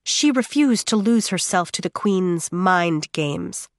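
A woman giving dramatic audiobook narration in a steady, measured way with drawn-out pauses. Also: fairly low pitch, dry recording, clean studio sound.

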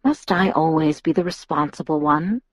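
Gentle, restrained young man voiced by a female audiobook reader; soft and measured, slightly low, dry studio sound. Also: dry recording. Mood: quiet. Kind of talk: audiobook dialogue reading.

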